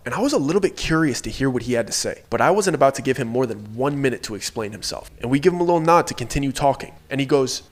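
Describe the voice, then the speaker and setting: Male storyteller, mid-pitched voice, earnest first-person horror narration, steady telling. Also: quick pace, hardly any pauses.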